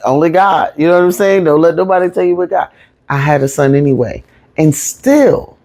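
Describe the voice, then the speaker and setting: A woman's voice: a bass voice, a little mellow. A woman comedian telling a personal story in an emphatic, conversational way, repeating lines for emphasis and checking in with listeners.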